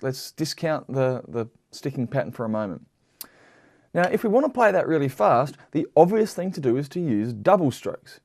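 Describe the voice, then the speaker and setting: A man giving a patient, explanatory drum lesson, counting out sticking patterns and often checking in with the listener. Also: a little high. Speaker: drum teacher. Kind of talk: instructional lesson.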